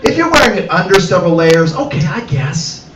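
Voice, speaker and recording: A middle-aged man performing animated stand-up comedy at a cafe comedy night, talking to the audience. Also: sits high, fairly quick. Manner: animated, acts out voices, addresses the audience. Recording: roomy, distant mic, loud background noise.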